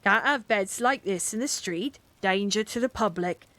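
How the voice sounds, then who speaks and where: A stubborn middle-aged London policeman, blustering and a little sarcastic, his words rough and ungrammatical, as a woman reads him aloud. He talks in a mid-range voice at a measured pace, told as a cozy bedtime story. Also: medium pitch, bright, forceful tone, no echo, natural voice. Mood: stern.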